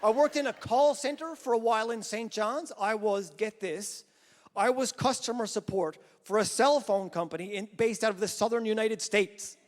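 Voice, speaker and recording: A man's voice: high-pitched, moderate pace. A man hosting a comedy festival, telling stand-up jokes in a playful, self-deprecating way. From Newfoundland, Canada. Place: large theater with live audience. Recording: hall reverb, crowd and noise behind.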